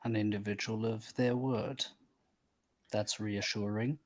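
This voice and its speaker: A man doing a guarded male vampire who speaks slowly and evenly, with little rise or fall in his low voice. He keeps his words formal and reserved. It is a tabletop game character, cautious through and through. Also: steady tone. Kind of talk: tabletop role-play.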